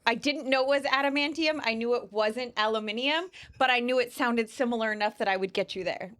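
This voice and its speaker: A woman's voice: a little high, a little fast, a bit bright. A woman co-hosting a podcast, chatting casually and playfully. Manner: playful, laughing. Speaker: podcast co-host. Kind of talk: casual chat.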